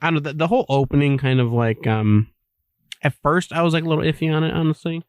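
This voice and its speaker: A man on a casual film podcast, talking quickly and offhandedly with the odd swear word. His pitch is middling, and the sound is dry and close. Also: clean tone, no echo. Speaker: podcast co-host. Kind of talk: casual film review chat.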